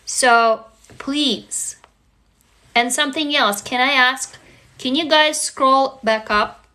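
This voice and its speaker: A woman's voice: high voice, takes it slowly, sharp tone. A woman hosting a casual live-stream on her phone, talking to viewers in an earnest, reassuring way, with many fillers. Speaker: livestream host answering viewers.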